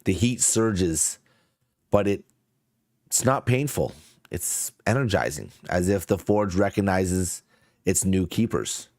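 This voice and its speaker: Slow, low-voiced male game master. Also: expressive, darkish tone, no room sound, studio quality. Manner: slow, halting, with fillers. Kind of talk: narrating a tabletop game.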